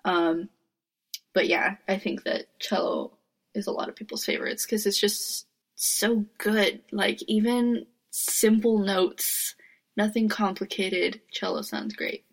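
Slow-talking earnest woman. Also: mid-range voice, steady tone, vocal fry. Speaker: podcast co-host. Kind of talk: casual chat.

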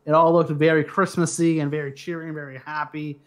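A man's voice: a little high, little pitch movement, fast talker. Gushing man on a film podcast. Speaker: podcast host. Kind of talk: casual movie review chat.

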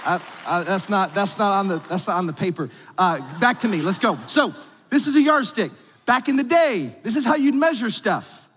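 A man's voice: sits high, lively intonation, moderate pace, a crowd in the background, noisy background. A man preaching a conversational, joking sermon to his congregation in a church. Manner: playful, joking, talks straight to the congregation. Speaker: pastor. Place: church sanctuary. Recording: long reverb from a large hall.

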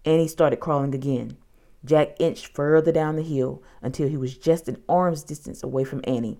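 A woman narrating a children's storybook in an expressive, dramatic way. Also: deep voice, moderate pace.

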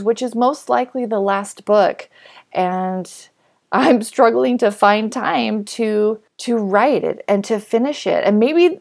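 A woman in her thirties hosting a podcast, speaking about her writing in a heartfelt personal monologue, emotional and grateful, with hesitant restarts. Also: medium pitch. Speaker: podcast host and author.

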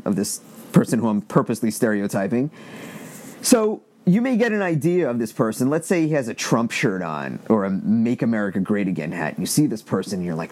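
A middle-aged man from Long Island with a slight Long Island accent, talking in a rambling, animated monologue and swearing freely as a podcast host. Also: on the high side. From Long Island, New York. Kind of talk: casual opinion monologue.

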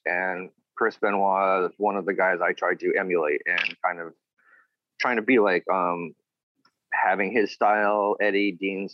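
Male guest, lower voice, easygoing storyteller, dry lo-fi sound. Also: no echo. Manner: rambling, acts out quotes of others. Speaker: former wrestler, guest. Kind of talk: casual storytelling interview.

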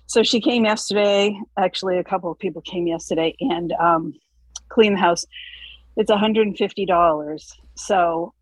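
A woman calling in with a question, out of breath, talking in a hesitant, rambling way with many pauses. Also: on the low side, dry recording, poor audio. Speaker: caller. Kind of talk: casual question on a call.

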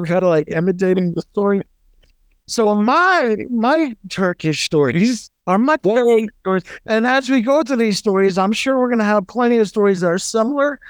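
High-voiced, animated storytelling man. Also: smooth, no echo, clean studio sound. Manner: animated, profane, laughs through stories. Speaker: podcast co-host. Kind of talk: casual storytelling.

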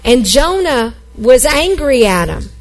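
A middle-aged woman pastor preaching a sermon, reading scripture and acting out the characters with animated storytelling. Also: sits high, takes it slowly, low-quality recording. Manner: animated storytelling, acts out grumpy Jonah.

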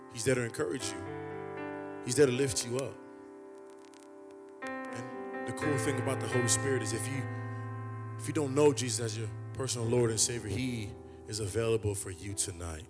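A man preaching a sermon in a conversational way, repeating phrases and building to loud, emphatic peaks. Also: animated, moderate pace, pauses often, loud music behind the voice. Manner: impassioned, builds to loud high emphatic climaxes.

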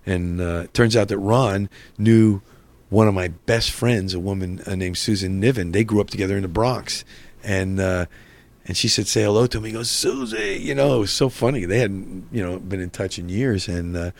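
A man's voice: sits low, normal speed. A middle-aged man from North Jersey, an actor guest telling anecdotes in a casual interview and acting out the dialogue. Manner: anecdotal, acts out quoted dialogue, many "you know"s.

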